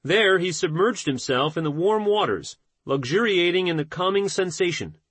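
A man narrating a nonfiction audiobook in a measured, steady reading voice. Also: high voice, slightly rough, dry recording.

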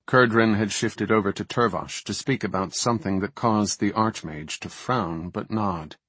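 A man narrating an audiobook in an even, unhurried read. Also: fairly low pitch, breathy edge, no room sound. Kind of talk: scripted narration.

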